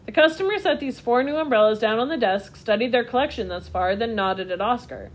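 A woman narrating a children's storybook in a steady, expressive reading voice. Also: on the high side, fairly quick.

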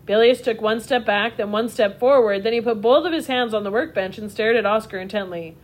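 A woman narrating a children's storybook in a steady, expressive reading voice. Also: fairly high pitch, brisk, few pauses.

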